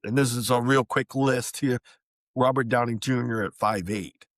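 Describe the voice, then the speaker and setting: A man's voice: medium pitch, fairly even intonation, normal speed, fairly bright tone, no room sound. A man co-hosting a podcast in casual chat, reading out facts in a matter-of-fact way. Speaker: podcast co-host.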